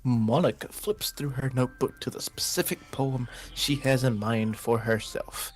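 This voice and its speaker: Man reading game text with slow drama. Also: mid-range voice. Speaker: let's play host.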